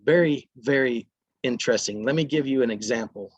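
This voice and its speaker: Husky-voiced man presenting a parenting workshop. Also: mid-range voice, fairly quick, dry recording, lo-fi sound. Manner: conversational, acts out parents and kids in brief quotes.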